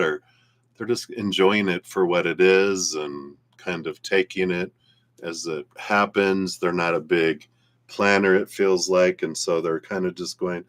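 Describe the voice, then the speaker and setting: A man with a very low voice gives a live tarot reading. He talks casually and wanders from thought to thought, laughing easily. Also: fairly even intonation, a little slow, fairly bright tone. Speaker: tarot reader.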